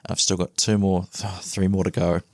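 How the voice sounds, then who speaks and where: A man hosting a podcast intro, talking quietly and keeping his energy low to rest a strained voice. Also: flat delivery, normal speed, no echo, studio quality. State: resting a strained voice. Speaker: podcast host.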